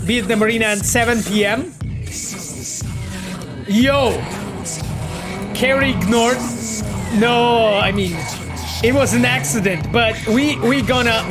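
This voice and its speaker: An excitable man with a Polish accent chats with his stream audience while playing a game, swearing freely and calling his viewers his friends. His voice sits fairly high for a man, with soft music running underneath. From Poland. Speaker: game developer streaming a playthrough. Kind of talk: casual streaming commentary.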